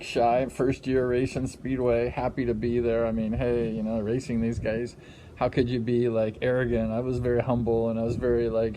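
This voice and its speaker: A middle-aged man casually telling a story, rambling with many fillers and acting out quotes with sudden high exclamations. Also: mellow, slight background noise. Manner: rambling, frequent "you know, like" fillers. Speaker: livestream host telling a racing story.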